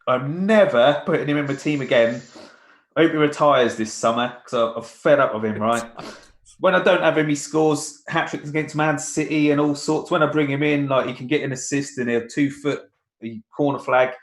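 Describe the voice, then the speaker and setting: A man in his thirties co-hosts a podcast, his mid-range voice moving at normal speed in a reverberant space. In casual banter, he tells chatty, grumbling stories about his family and mimics voices.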